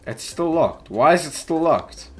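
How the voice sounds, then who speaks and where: A man's voice: a little high, animated, unhurried, soft background music. A young man commentating as he plays a horror game, chatty and easily startled, yelping at scares. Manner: jumpy, yelps and shouts at scares, says "yo" a lot. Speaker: gaming youtuber.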